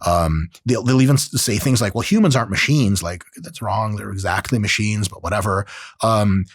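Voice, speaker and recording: A man's voice: lowish voice, moderate pace, dry recording, clean studio sound. A man hosting a podcast, talking casually about technology and acting out quoted voices with profane asides. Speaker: podcast host.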